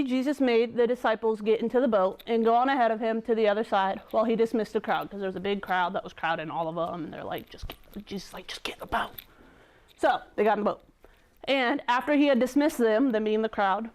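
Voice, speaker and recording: Clear-voiced young woman leading youth group. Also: fairly high pitch, a little fast. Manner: chatty, conversational, many "like" fillers. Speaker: youth leader. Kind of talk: casual youth sermon with scripture reading.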